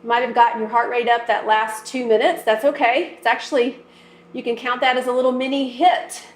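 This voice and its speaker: A woman's voice: fairly high pitch, steady tone, brisk, roomy sound. A woman fitness instructor guiding a workout and stretch, coaching and encouraging as she goes. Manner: encouraging, coaching through moves.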